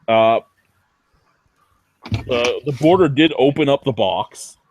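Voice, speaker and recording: A man's voice: mid-range voice, lively intonation, slow, slight background noise. A man hosting a casual online beer chat, easygoing and chatty. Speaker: host.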